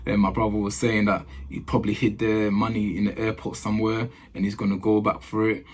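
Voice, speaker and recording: Husky low-voiced man. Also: flat delivery, fairly quick. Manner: casual slangy storytelling, repeats phrases. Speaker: footballer. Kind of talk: casual storytelling to camera.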